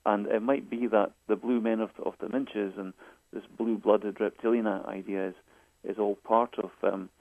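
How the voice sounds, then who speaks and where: A man's low, gravelly voice comes through a thin, phone-like line. He is a guest author telling a long story, and he stumbles, restarts and repeats words as he goes. The sound is dry, with no room echo. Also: fairly even intonation, moderate pace. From Scotland.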